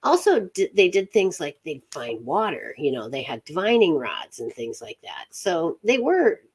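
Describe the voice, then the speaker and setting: A woman's voice: lowish voice, sing-song, moderate pace, breathy edge. A woman from upstate New York hosting a witchcraft chat show, talking in a rambling, chatty way with frequent laughter. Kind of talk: casual live chat.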